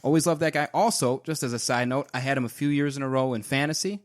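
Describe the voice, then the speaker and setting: A man co-hosting a casual sports chat, relaxed and enthusiastic, trailing off with fillers. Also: medium pitch, quick pace. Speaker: co-host.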